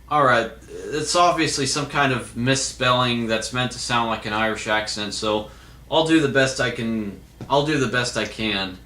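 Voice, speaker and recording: A man casually answering viewer questions, hesitant and full of fillers and restarts. His voice sounds bright and a little sharp, at a middle pitch. The recording rings noticeably in an echoey room. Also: a little slow. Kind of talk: casual Q&A monologue.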